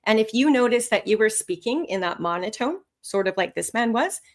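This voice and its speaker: Woman teacher on a live webinar, super expressive ups and downs, explaining stuff. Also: a little high, a little fast. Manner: lively, expressive intonation. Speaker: English test instructor.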